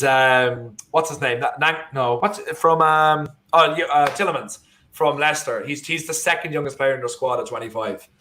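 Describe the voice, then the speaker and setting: A young Irish man with a mid-range, slightly bright voice co-hosts a live football watchalong. He talks casually and rambles, with lots of fillers and restarts.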